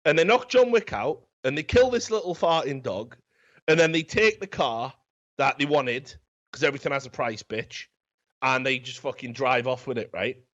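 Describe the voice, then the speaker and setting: Man, podcast film reviewer, crude rambling recap, mid pitch, dull lo-fi sound. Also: lively intonation, moderate pace, fairly bright tone. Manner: rambling, profane storytelling. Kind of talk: casual comedic film review.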